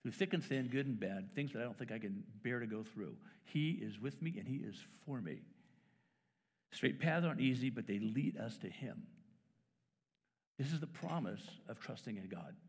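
A middle-aged man preaching a sermon as pastor, telling stories and acting out conversations with lively shifts in voice. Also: mid-range voice, moderate pace, breathy edge. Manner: storytelling, acts out dialogue with lively shifts. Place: church sanctuary. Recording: church hall reverb.

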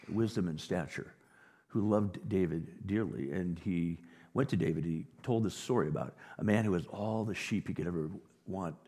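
A male pastor delivering a sermon, with dynamic delivery that swings from near whispers to loud, emphatic peaks. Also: low-pitched, husky. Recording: long reverb of a large hall.

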